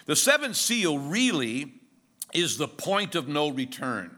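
A man's voice: fairly high pitch, sing-song, slow, sharp tone. A middle-aged male pastor giving an expository sermon in a conversational way, mixing jokes and stories into the teaching.

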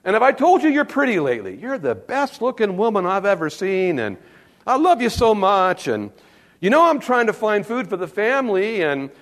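A man's voice: high voice, voice pushed up. A man putting on a nervous, sweet-talking husband. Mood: wheedling. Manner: wheedling, halting, flattering. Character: smooth-talking nervous husband coaxing his wife.

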